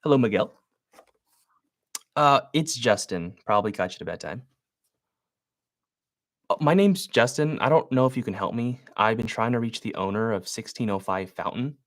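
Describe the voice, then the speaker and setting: A man's voice: medium pitch, lively intonation, normal speed, long pauses. A man who invests in real estate, coaching on a live stream while making cold calls, talking loosely with plenty of filler words. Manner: loose and conversational, many "like" fillers.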